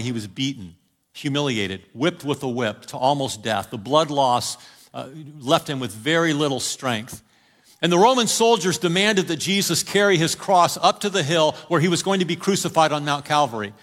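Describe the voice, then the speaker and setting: A high-pitched male preacher delivers a sermon in a storytelling style. He urges his congregation along and swings from near shouts to hushed lines. His voice rings out in a hall with a long reverb. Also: moderate pace. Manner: storytelling, urging the congregation, swings between loud calls and quiet drops. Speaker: pastor.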